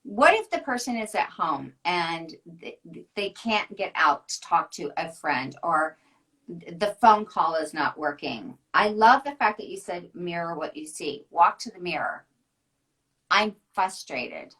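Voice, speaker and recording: A woman's voice: lowish voice, very animated, unhurried, a bit bright. A woman hosting a live video-call interview, enthusiastic and affirming toward her guest. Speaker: host.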